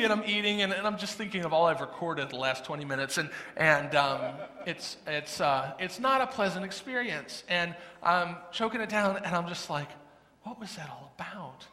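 Storytelling pastor in a reverberant hall. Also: male voice, high-pitched, expressive, normal speed, sharp tone. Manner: humorous storytelling, swelling to an impassioned close. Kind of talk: sermon with personal story.

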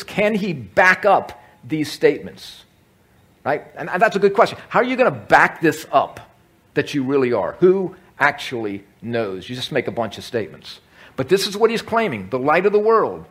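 A man leads a Bible study for a large group, teaching through scripture conversationally, repeating words and posing questions to the room. His voice is on the high side and a bit bright.

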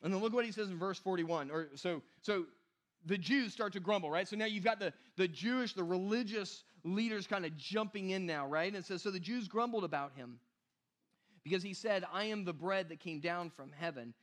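A man with a high voice gives a sermon, reading scripture and explaining it in relaxed, everyday words. He often checks in with the listeners and repeats his key points for emphasis. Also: brisk. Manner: casual, conversational preaching with repeated "right?" and "you guys". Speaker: pastor.

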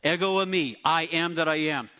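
A middle-aged man preaching a sermon to his congregation, teaching and explaining Greek words with lively emphasis. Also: a little high, moderate pace. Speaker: pastor.

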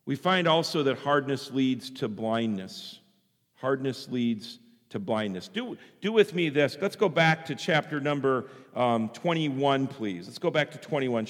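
A man preaching a sermon in an animated way, sometimes acting out the voices of the people he quotes. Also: mid-range voice, moderate pace. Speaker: pastor. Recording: long hall reverb.

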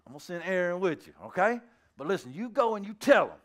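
A man's voice: high voice, big pitch swings, quick pace. A man preaching and voicing God as a casual, reassuring elder who talks in slang.

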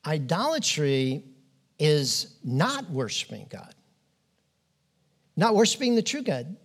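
A man preaching a sermon as pastor, earnest and emphatic, pausing often and restarting phrases. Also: fairly high pitch, sing-song. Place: church.

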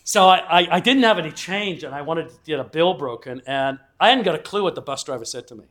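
A middle-aged man from England lectures in a loose, rambling way. His voice sits fairly high, and he slips into acted-out quotes between chuckling asides. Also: expressive, fast talker, fairly bright tone. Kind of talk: casual lecture with anecdotes.

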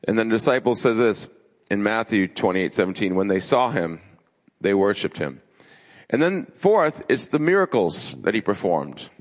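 A man preaching a sermon as pastor, emphatic, building his lists with rising pitch. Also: sing-song, moderate pace. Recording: long hall reverb.

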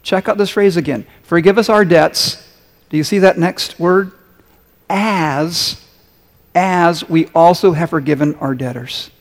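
In a large hall, a male pastor delivers a sermon, reading and explaining a story while asking his congregation questions. He preaches conversationally with rhetorical questions, in a slightly high voice at a measured pace.

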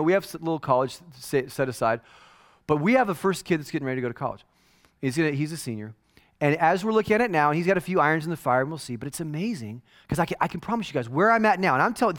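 A man in his forties gives a loose, conversational sermon, his voice pitched high and swinging widely up and down. He jokes and drops into quick mock-quoted asides as he talks to his congregation. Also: a bit bright. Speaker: pastor. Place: church.

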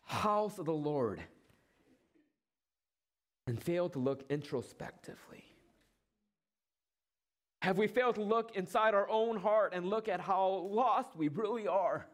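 High-voiced preaching man. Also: animated. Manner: rhetorical questions, dramatic pauses, acts out quoted lines. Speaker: pastor. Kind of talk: sermon.

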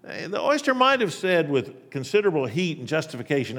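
A male preacher giving an emphatic sermon, telling a parable and shifting between loud and soft delivery. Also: fairly high pitch, sing-song, a little fast, in a large hall.

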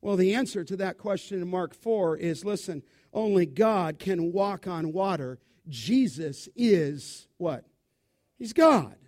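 A man preaching a sermon to his congregation, emphatic, asking questions and answering them, swinging between loud bursts and quiet asides. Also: very high voice. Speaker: pastor.

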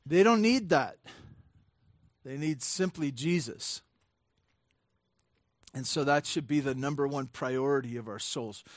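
A man's voice: mid-range voice, a little slow, pauses often, no echo, studio quality. A man preaching a sermon in a conversational style, with many fillers and restarts, building to emphatic points. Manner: rises to emphatic bursts on key points. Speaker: pastor.

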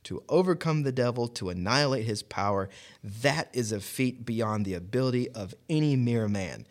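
A man of middle pitch talking in a relaxed podcast about scripture. He laughs easily between points, and when he reads a long commentary aloud he settles into a measured, deliberate delivery. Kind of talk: casual Bible discussion.

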